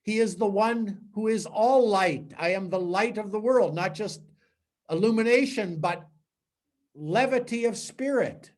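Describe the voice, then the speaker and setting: Male priest, fairly high voice, lively storytelling preacher who stumbles and repeats words. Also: measured pace. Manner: animated storytelling with acted-out quotes and sound effects; repeats words and restarts mid-sentence. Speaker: priest giving a talk. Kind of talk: spiritual teaching talk.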